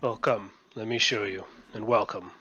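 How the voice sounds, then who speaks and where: A man's voice: lowish voice, fairly even intonation, moderate pace, bright, forceful tone, breathy edge, dry recording, highs cut off. A man narrating as game master of a tabletop game, hesitant with many fillers.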